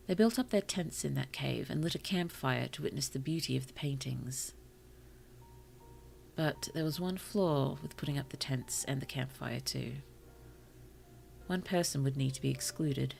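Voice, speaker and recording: Very low, gravelly-voiced woman storyteller. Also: darkish tone, a little hiss or hum. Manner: slow, careful storytelling with apologetic asides to chat. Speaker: virtual streamer reading viewer stories. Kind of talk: story reading on a livestream.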